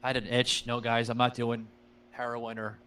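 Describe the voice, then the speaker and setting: A man's voice: medium pitch, monotone, moderate pace, fairly bright tone, smooth, low-quality recording. A man hosting a podcast in loose, profane casual chat, talking straight to his listeners with plenty of fillers. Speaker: podcast host.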